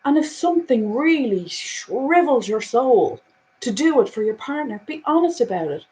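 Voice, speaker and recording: Woman, spiritual card reader, earnest, hushed to emphatic, lots of fillers. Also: on the high side, big pitch swings, normal speed, low-quality recording. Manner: earnest, repetitive "you know" fillers; swings between hushed and emphatic. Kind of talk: oracle card reading.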